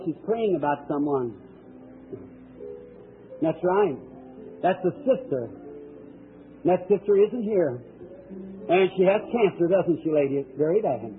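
A man preaching at a healing service, praying and speaking directly to people one by one in a fervent, emphatic way. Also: a little high. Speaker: preacher and faith healer. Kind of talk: healing-service sermon with prayer. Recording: thin, tinny old archival tape.

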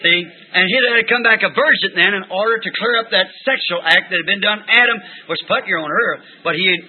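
High-pitched preacher man telling stories, shouts praise sometimes, tinny old tape. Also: brisk. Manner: folksy storytelling, bursts into shouted praise. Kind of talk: sermon. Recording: tinny lo-fi tape recording with faint hiss.

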